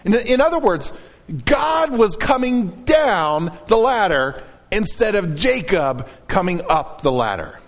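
A man preaching a sermon to his church, reading scripture aloud in a dramatic, animated way. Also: sits high, takes it slowly, big-room sound. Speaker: pastor.

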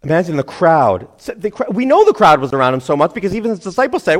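A middle-aged man preaching a sermon, animated, acting out crowd voices and laughing at himself. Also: high-pitched, quick pace. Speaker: pastor.

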